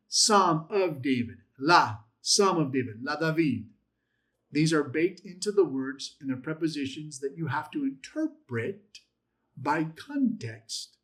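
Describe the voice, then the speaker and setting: A man's voice: on the high side, animated, moderate pace, a bit bright. A man teaching a Bible language class in a conversational, encouraging way, joking with his students. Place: church classroom.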